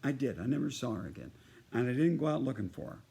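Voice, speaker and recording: Gravelly older man spinning a rambling yarn. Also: mid-range voice, sing-song, fast talker, warm tone. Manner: rambling, jumps from story to story. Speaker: performer sending a birthday message. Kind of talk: casual anecdote told to one listener.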